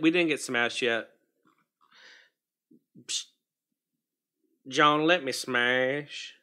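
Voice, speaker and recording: A man's voice: on the high side, a bit bright. A man hosting a casual livestream, chatting loosely, greeting viewers by name and muttering to himself while he fixes his setup. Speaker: livestream host.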